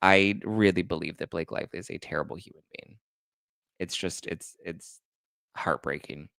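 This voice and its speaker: A man's voice: low voice, moderate pace, gravelly, a bit bright, no room sound. Heated, indignant male commentary host. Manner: reads legal text aloud and reacts. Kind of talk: casual commentary reading chat and documents.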